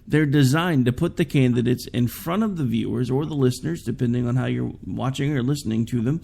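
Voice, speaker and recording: A man's voice: medium pitch, a little fast, vocal fry, mellow. A man hosting a political talk show, chatting casually and giving opinionated takes with sarcastic asides. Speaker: podcast host.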